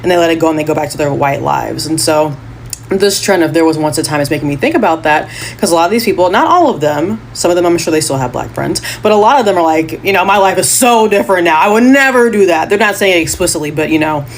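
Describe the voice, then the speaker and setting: A woman's voice: sits low, lively intonation, fast talker, a little hiss or hum. Reflective woman chatting to camera. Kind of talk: casual storytelling to camera.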